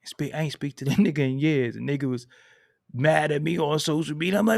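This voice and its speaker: A man's voice: fairly high pitch, brisk, vocal fry, darkish tone, no room sound, clean studio sound. A man telling a story in a casual, profane and emphatic way, laughing between lines.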